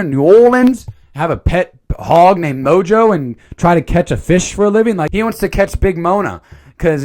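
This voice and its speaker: Rambling, animated male reviewer, a bit high, lively pitch swings. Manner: rambling, animated, with fillers and mild swearing. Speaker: channel host. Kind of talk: casual movie review commentary.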